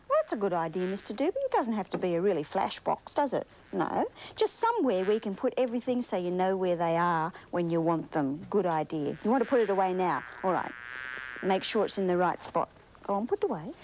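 An Australian woman with a mid-range, darkish voice hosts a children's TV show, speaking in a coaxing, sing-song way full of tag questions for young viewers. The audio is poor, with slight background noise.

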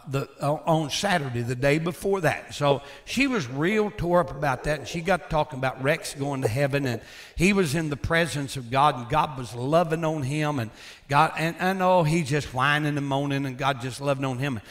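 An older man with a drawl tells casual stories from his life. His voice sits a little high for a man. His delivery is folksy and animated, with chuckles between lines. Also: moderate pace. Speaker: former pastor and builder. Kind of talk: casual storytelling.

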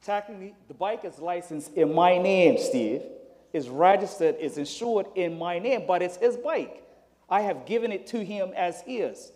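A man takes part in a church Bible class, explaining his point conversationally through an everyday example. His voice sits high and moves up and down in a lively way. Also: normal speed. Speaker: class participant. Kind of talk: church Bible lesson discussion. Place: church sanctuary.

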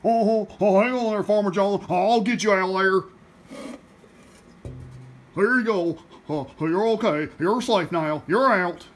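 A woman voicing a mellow, easygoing male chef in a puppet show comedy, speaking in a soothing drawl. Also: medium pitch, measured pace, slight background noise, natural voice.

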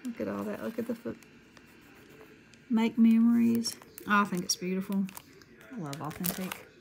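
A woman's voice: medium pitch, normal speed, gravelly, a little mellow, slight background noise, low-quality recording. A middle-aged woman with a Southern accent chatting casually and gushing as she shows off a craft haul. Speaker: craft vlogger. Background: paper crinkling.

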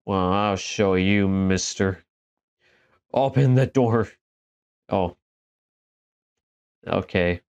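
Slow-talking man joking through horror games. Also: sits low, darkish tone. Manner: jokey, laughs easily, talks to the game characters. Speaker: gaming video host. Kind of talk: horror game let's play commentary.

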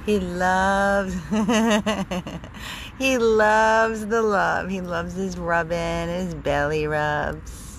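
A woman's voice: fairly low pitch, fairly even intonation, drawn-out words, a little hiss or hum. Woman cooing baby talk at her dog. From Florida. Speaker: dog rescuer hosting a live update. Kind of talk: casual live stream talking to a dog and viewers. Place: home with dogs, indoors and out.

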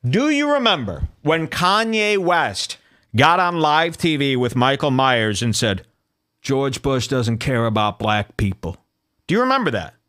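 Male podcast host, solo rant, lively swinging pitch, incredulous. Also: unhurried. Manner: animated, incredulous ranting, reading posts aloud. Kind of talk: solo commentary show.

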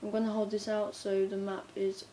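A woman chatting casually as she narrates her gameplay, talking to herself and breaking into bursts of excitement. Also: mid-range voice, normal speed. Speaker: gamer narrating her play. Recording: faint background noise.

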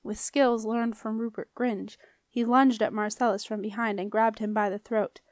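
A woman reading a children's fantasy novel aloud, with steady, expressive storytelling. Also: fairly high pitch, moderate pace, dry recording, studio quality. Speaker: audiobook reader. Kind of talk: audiobook narration.

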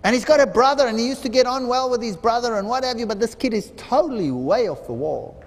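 Lively preacher man in a big hall. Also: very high voice, fast talker. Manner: dramatic storytelling, acts out quoted voices. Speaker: seminar speaker. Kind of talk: sermon. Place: large hall. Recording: reverberant hall.

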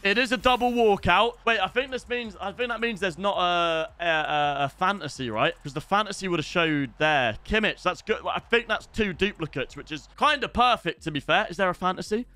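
Young British male streamer, excitable banter; bright, crisp voice. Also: high-pitched, fairly quick, few pauses. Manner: excitable banter, bursts of shouting at goals. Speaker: gaming streamer. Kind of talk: live gaming commentary.

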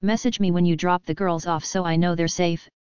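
A woman's voice: fairly low pitch, flat delivery, a little fast, darkish tone, clean tone, no echo, lightly acted. A woman voicing a stern, protective young man who gives firm orders, in a dull, dry recording. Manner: stern, commanding.

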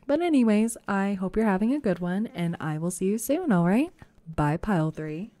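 A woman giving a casual, chatty pick-a-card tarot reading, reassuring and full of fillers, her voice a bit rough today. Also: mid-range voice, animated, moderate pace, dark tone, no echo. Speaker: tarot reader.

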